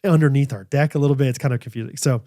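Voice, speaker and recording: A man's voice: medium pitch, racing, no echo. Man, thirties, podcast co-host, rambling storyteller, dry close sound. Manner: rambling, animated storytelling with fillers. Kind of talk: casual chat with ad reads.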